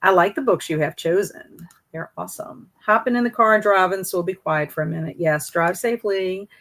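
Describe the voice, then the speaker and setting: A woman's voice: on the low side, brisk, a bit bright. A middle-aged woman, chatting casually with viewers on her livestream and telling stories from teaching. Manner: chatty, reads out viewer comments. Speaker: host of a livestream.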